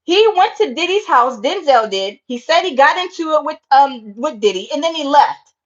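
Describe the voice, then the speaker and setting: High-voiced impassioned woman commentator. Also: lively intonation, moderate pace, dull audio. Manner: impassioned, repetitive, keeps addressing viewers as y'all. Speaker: online commentator. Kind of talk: casual livestream commentary.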